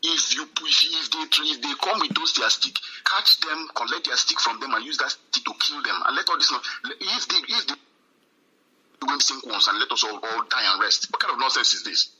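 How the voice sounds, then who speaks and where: A man's voice: mid-range voice, fairly quick, hardly any pauses, bright, forceful tone, slightly rough. A man from Nigeria calling in to a live stream, angry and emphatic, repeating his points. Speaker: caller. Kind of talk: phone-in call. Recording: tinny phone line.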